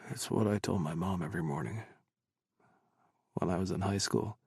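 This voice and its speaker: A man voicing a gentle, soft-spoken young soldier in an audiobook, talking low and quietly. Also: moderate pace, gravelly, husky, dry recording, clean studio sound, heavily acted. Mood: tender. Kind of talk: audiobook character voice.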